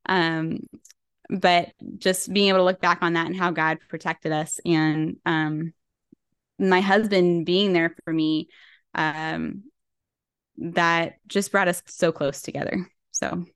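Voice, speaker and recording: Woman with a smooth low voice. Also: steady tone, slow, fairly bright tone, no echo, studio quality. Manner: chatty, many fillers and laughs. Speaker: podcast guest. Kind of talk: casual storytelling.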